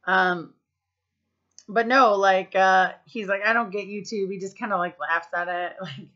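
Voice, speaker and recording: A woman's voice: mid-range voice, fairly even intonation, unhurried, sharp tone. A woman in her thirties from the United States telling stories to her vlog camera, casual and profane, with lots of fillers. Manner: chatty, profane, full of fillers. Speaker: vlogger. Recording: slightly muffled lo-fi recording.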